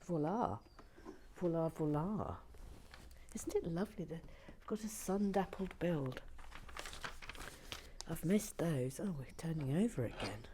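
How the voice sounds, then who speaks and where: Soft-spoken British woman, slow and lilting. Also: sits low, animated, a little hiss or hum. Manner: soft, often half-whispered, playful rambling. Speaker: video host building toy bricks. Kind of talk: relaxed build-along chat. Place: cold garden shed.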